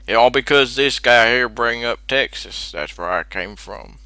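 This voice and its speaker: A man voicing a loud cowboy toy character who says he comes from Texas. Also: medium pitch, normal speed, clean tone, no room sound. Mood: boisterous.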